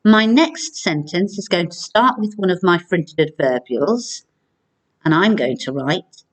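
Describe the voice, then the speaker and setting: Woman teacher, low-ish voice, very unhurried, clear and encouraging video lesson for young pupils. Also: animated. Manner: slow, clear, encouraging classroom delivery. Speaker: primary school teacher.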